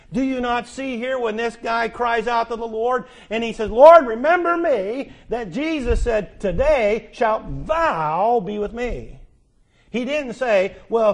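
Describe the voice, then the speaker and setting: An older male pastor delivers a sermon in a high voice. He hammers points with repeated words. He drops to hushed asides between loud declarations. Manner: preacherly, emphatic repetitions, swings between loud and hushed.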